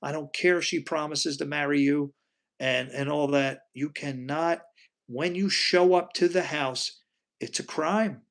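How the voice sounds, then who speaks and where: A man's voice: a little high, measured pace, gravelly. A man hosting a casual live stream from home, chatting loosely and reading out viewer comments. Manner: chatty, rambling, asks viewers questions.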